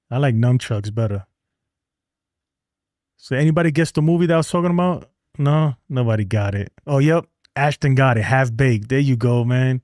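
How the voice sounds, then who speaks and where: A man's voice: mid-range voice, moderate pace, a little mellow, no room sound. Male livestream host, easygoing and talkative, mid-range voice, dry recording. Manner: laid-back and chatty, reads viewer comments aloud; addresses viewers as man and bro. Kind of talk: casual sports livestream chat.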